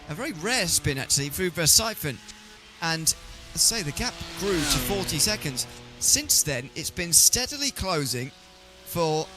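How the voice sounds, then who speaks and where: Male play-by-play caller, slightly high, dry wit, music bed behind. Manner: dry teasing, fluent play-by-play. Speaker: race commentator. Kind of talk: esports race commentary.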